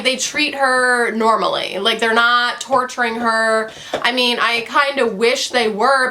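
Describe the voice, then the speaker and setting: A woman's voice: on the high side, sharp tone, slight background noise. A young woman vlogging from home in a rambling, sarcastic way, full of fillers, as she reviews a book. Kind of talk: casual book review rant. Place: at home with her dog.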